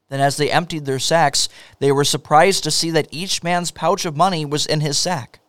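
Guy reading the bible aloud, steady pace, slightly high voice, dry close studio sound. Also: moderate pace, few pauses, dry recording. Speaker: scripture reader. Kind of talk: scripture reading.

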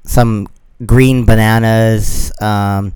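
A man co-hosting a podcast in casual chat, rambling with many fillers and trailing off quietly. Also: fairly low pitch, fairly even intonation, drawn-out words, smooth, dry recording, rough recording. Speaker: podcast co-host.

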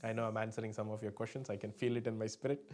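A male pastor preaching a sermon to a live congregation, emphatic, often asking them to answer back and swinging between loud stresses and soft asides. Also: on the low side, level tone, very fast, a little hiss or hum.

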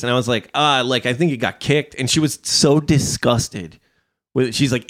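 A man's voice: medium pitch, steady tone, normal speed, fairly bright tone. A man hosting a casual podcast, telling rambling stories and swearing freely. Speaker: podcast host. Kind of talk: casual chat.

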